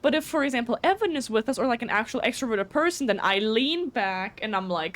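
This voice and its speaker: A woman whose first language is German, chatting casually on a live stream, talking fast with frequent stutters and restarts. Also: a little high, expressive.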